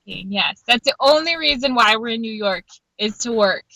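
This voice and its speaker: Guest, woman, Upper Midwest accent, bright and candid, slightly high voice. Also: animated, normal speed, creaky, dry recording, dull audio. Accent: Upper Midwest American. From Wisconsin. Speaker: interview guest. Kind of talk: casual interview chat.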